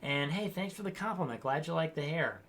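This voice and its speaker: A man's voice: fairly high pitch, expressive, brisk, fairly bright tone. A man hosting a livestream, reading viewer comments aloud and answering them in a sarcastic, mocking way. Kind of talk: casual political commentary.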